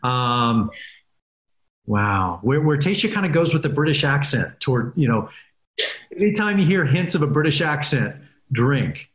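A man chatting as a guest in an interview, upbeat and quick to laugh. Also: medium pitch, very animated. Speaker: guest, reality dating show host. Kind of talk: casual interview chat. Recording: roomy echo.

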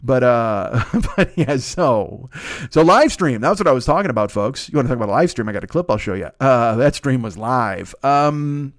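A man's voice: medium pitch, expressive, moderate pace, no room sound, clean studio sound. A man in his forties hosting a solo podcast, talking in a meandering, profane, self-mocking way from his home desk. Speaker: podcast host. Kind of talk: rambling solo podcast monologue.

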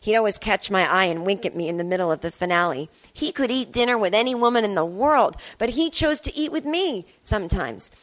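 A woman in her fifties narrates a personal story in a candid, wry way. Her pitch sits in the middle range for a woman. She talks as a podcast host, recorded at home. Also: lively intonation, fairly quick, hardly any pauses.

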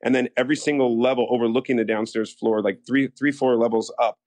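A man's voice: medium pitch, fairly even intonation, fast, a little mellow, no echo. A young American man, a soap actor, telling stories in a casual interview, rambling with lots of fillers and acting out quotes. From United States. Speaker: soap opera actor guest.

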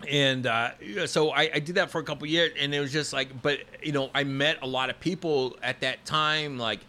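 A man in his fifties telling long stories in a relaxed podcast conversation, full of fillers and restarts. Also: a little high, normal speed. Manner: rambling, storytelling with many fillers and restarts.

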